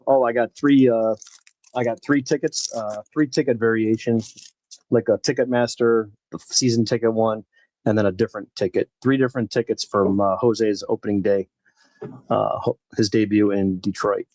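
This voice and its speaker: His medium-range voice is a little mellow yet gravelly and husky, delivered at normal speed with fairly even intonation. He hosts a live baseball card break, rambling and chatting with viewers by name as he opens packs. The recording is rough, with no room sound.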